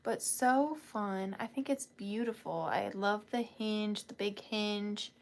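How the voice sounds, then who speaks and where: With a steady, mid-range voice and a slow pace, a woman hosts a live vintage sale online. She chats casually, gushing over each piece and dubbing them little cuties.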